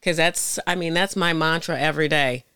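A woman's voice: sits low, fairly even intonation, normal speed, bright, forceful tone, smooth, no room sound, clean studio sound. A woman in her forties hosting a podcast, effusive and openly emotional in conversation. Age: 40s. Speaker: podcast host.

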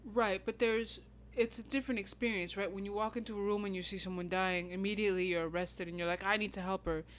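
A woman from New York co-hosting a book podcast, talking in an animated, casual way. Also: mid-range voice, a little hiss or hum. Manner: animated, quick to laugh. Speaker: podcast co-host.

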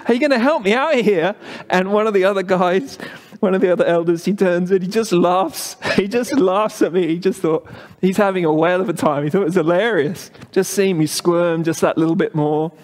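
English male pastor, fairly high voice, chatty and halting, long hall reverb. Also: darkish tone. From England. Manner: chatty, halting storytelling with many fillers. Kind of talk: sermon.

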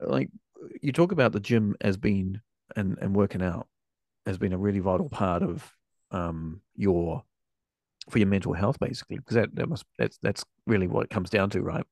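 A man's voice: fairly low pitch, expressive, moderate pace, gravelly, darkish tone, dry recording, studio quality. A man hosting a podcast, asking long, rambling questions full of restarts and small affirmations. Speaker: podcast host. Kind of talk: interview questions.

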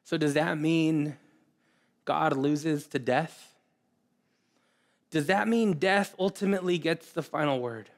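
A man preaching a sermon in an earnest way, often repeating words and pausing. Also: fairly high pitch. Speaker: pastor.

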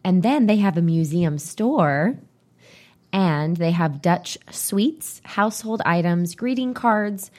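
A woman's voice: lowish voice, expressive, slow, darkish tone. A woman co-hosting a podcast, chatting casually and rambling as she reads items off a list. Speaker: podcast co-host. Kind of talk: casual chat.

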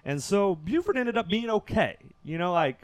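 Animated man telling a story. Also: moderate pace, no room sound. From Kentucky. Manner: animated, swinging from loud bursts to hushed low stretches. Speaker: podcast guest. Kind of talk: casual storytelling.

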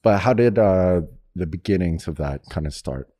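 A man co-hosting a podcast, asking slow, halting questions with many pauses. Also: sits low, lively intonation, mellow, no room sound, clean studio sound. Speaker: co-host. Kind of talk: podcast interview.

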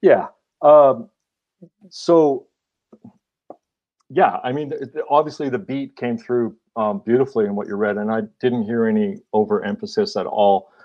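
Halting male interviewer, muffled sound. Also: medium pitch, steady tone. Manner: halting, thoughtful, many hesitations. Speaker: interviewer, fellow writer. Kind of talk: casual interview.

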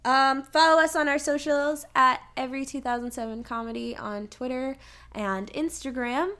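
A woman's voice: high voice, normal speed, a bit bright, smooth. A woman co-hosting a comedy podcast over a video call, chatting casually, giggly and playful and swearing freely. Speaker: podcast co-host. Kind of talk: casual chat.

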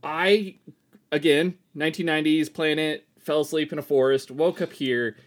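A man's voice: a little high, steady tone, normal speed, natural voice. A man voicing an ancient male war captain who talks like a laid-back 1990s dude, slangy and upbeat. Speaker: podcast co-host. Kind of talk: improvised comedy role-play.

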